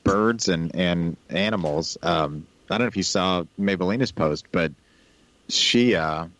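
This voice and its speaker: A man co-hosting a podcast in casual chat, relaxed and chatty, laughing easily. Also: deep voice, measured pace. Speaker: podcast co-host.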